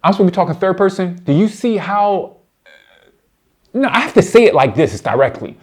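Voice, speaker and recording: A man giving heated reaction commentary, addressing his target directly with blunt, slangy lecturing that swings between low muttering and loud outbursts. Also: lively intonation, fairly quick, breathy edge. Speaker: commentator responding to a debate.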